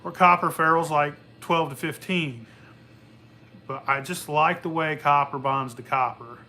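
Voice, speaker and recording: A man's voice: on the high side, unhurried, bright, forceful tone, a little hiss or hum. A young man hosting his moonshine-making vlog, talking loosely with lots of swearing and laughter. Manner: profane, rambling, laughs often. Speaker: moonshine channel host. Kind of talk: casual workshop vlog.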